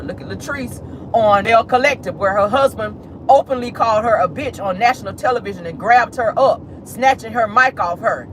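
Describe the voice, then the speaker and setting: A woman's voice: medium pitch, fairly bright tone, slight background noise. A woman dishing celebrity gossip from her car, sassy and chatty, calling listeners honey and child. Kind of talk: casual gossip commentary. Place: inside a car.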